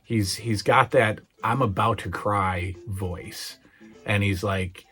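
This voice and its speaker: A man's voice: on the low side, fairly even intonation, slow pace, a bit bright, breathy edge, faint music behind. A middle-aged man hosting his own channel, chatting casually and hesitantly about memorable TV moments, with lots of fillers and restarts and a touch of emotion. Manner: gets emotionally worked up retelling scenes. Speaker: channel host.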